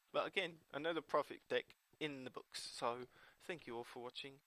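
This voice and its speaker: A man doing casual play-by-play commentary of his own card game, putting on a British accent and getting excited on big plays. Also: medium pitch, normal speed. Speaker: gameplay video creator.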